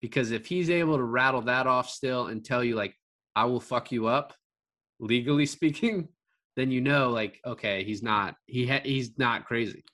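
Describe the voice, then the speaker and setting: A man casually talking through a film's plot and favorite scenes, animated and swearing for emphasis as he acts out lines. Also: medium pitch, moderate pace. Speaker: podcast co-host discussing a film. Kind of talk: casual conversation.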